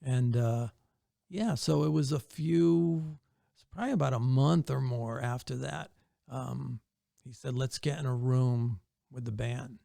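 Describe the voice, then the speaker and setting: A touring drummer, guest on a podcast, casually tells studio and tour stories in a mid-range, creaky voice at a slightly slow pace. He's an animated storyteller who acts out the dialogue he quotes. The recording is dry.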